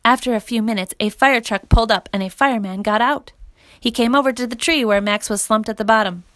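A woman reading a children's story aloud as narrator, in a steady, clear manner. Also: a little high, fairly quick, no echo.

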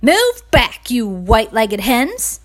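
A woman voicing a vain, bossy male rooster in a storybook, loud and commanding. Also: high-pitched, very animated, measured pace, exaggerated voice.

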